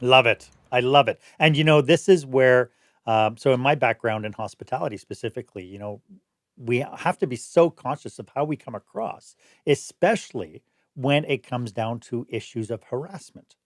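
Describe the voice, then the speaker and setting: A male podcast host talks in an easy, affirming way, picking up on his guest's points before asking the next question. His voice sits at an ordinary middle pitch, and the sound is close and dry. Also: normal speed, no room sound. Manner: affirming, conversational. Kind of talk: casual interview chat.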